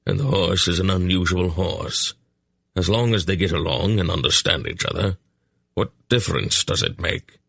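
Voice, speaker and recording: A male audiobook narrator voicing a calm, wry old wizard in a mild, unhurried way. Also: deep voice, vocal fry, breathy edge, no echo, clean studio sound, heavily acted.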